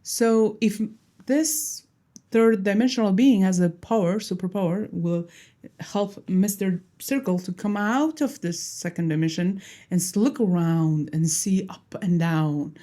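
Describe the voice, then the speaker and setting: Animated woman explaining with a mellow voice. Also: medium pitch, measured pace. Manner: animated, acts out little dialogues, laughs at herself. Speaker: teacher. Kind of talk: casual explanatory talk.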